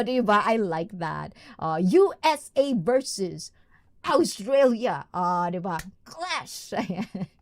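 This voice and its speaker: A bubbly, giggly woman of Filipina-Japanese background chatting casually as a livestream host, greeting viewers one after another. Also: mid-range voice. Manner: bubbly, giggly, mixes in Tagalog and Japanese words. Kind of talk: casual livestream chat reading the chat.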